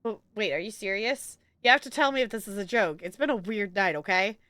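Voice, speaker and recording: A woman's voice: medium pitch, a little fast, bright, forceful tone, no room sound, close to an everyday voice. A woman voicing a worried young woman friend on the phone, reading the game's dialogue aloud in an anxious tone. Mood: uneasy. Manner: anxious, nervous laughter.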